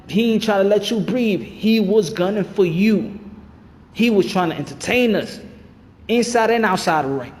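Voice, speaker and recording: A man's voice: sits high, a little mellow, big-room sound. A man hosting a boxing channel, ranting in fired-up, repetitive commentary.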